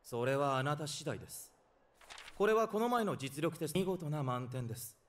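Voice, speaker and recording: An actor playing a calm, polite male school official in an anime, speaking in a matter-of-fact way. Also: fairly high pitch, very fast, natural voice. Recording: anime clip with music.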